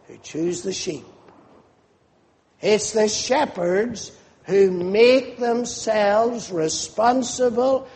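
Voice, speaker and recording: A man preaching a sermon in a measured, emphatic way, repeating phrases for stress. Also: very high-pitched, darkish tone. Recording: long reverb of a large hall.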